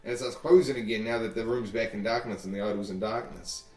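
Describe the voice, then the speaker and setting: A man running a tabletop game as game master, narrating scenes with a few halting restarts. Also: on the low side, steady tone, darkish tone. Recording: roomy, distant mic.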